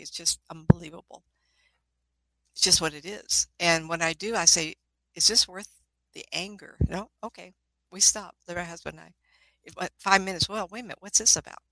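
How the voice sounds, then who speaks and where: An older woman with a lowish, sharp-toned voice chats casually, rambling through anecdotes about her work as a spiritualist minister and ghost investigator. She laughs often and keeps restarting her sentences. The audio is poor, though there's no room sound.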